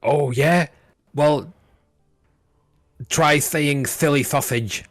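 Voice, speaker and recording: Guy putting on a cranky lisping guard, pitched up and loud. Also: extremely slow, faint music behind. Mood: indignant. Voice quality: lisp. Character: grumpy adult male city guard with a lisp.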